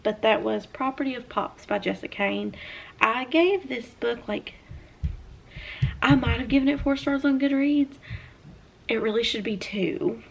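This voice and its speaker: A young woman with a Southern US accent and a voice on the high side, touched with vocal fry, chats casually about books she has read. She's a book reviewer who talks animatedly with her hands and fills her speech with lots of fillers.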